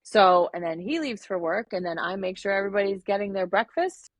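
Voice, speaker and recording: A woman co-hosting a podcast, talking in a relaxed, rambling way with lots of fillers. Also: mid-range voice, a little fast, dry recording, lo-fi sound. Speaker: podcast co-host. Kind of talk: casual podcast chat.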